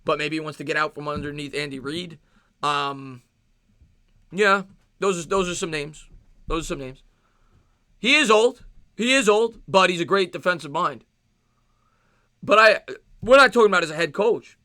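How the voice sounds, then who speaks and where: Fast-talking New Yorker sports streamer. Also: male voice, a little high, sharp tone, dry recording, clean studio sound. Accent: New York. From New York. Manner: casual, filler-heavy, repeats phrases. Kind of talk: live-stream chat Q&A.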